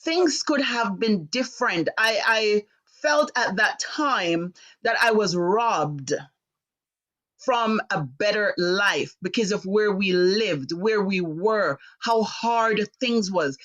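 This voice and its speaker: A middle-aged woman from Jamaica hosting a live talk stream, telling a personal story with lively, indignant delivery. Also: medium pitch. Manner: animated, acts out voices in quotes, rising to sharp indignation. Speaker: host of a live talk show.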